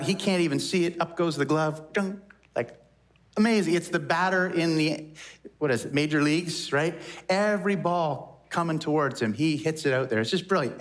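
A man delivers a sermon in a relaxed, conversational way, with a voice sitting a little higher than most men's. He speaks to the congregation directly and often checks in with questions. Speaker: pastor.

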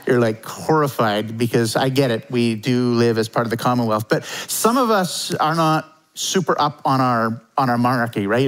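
A man's voice: medium pitch, low-quality recording. A man preaching a sermon as pastor, from Canada, talking loosely and conversationally with lots of "like" and "kinda".

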